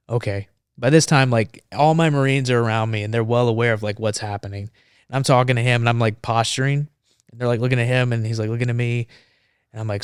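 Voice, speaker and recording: Smooth-voiced man telling a war story. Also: mid-range voice, fast talker, no echo, studio quality. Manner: animated, acts out the dialogue. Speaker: former Marine, podcast guest. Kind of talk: casual storytelling.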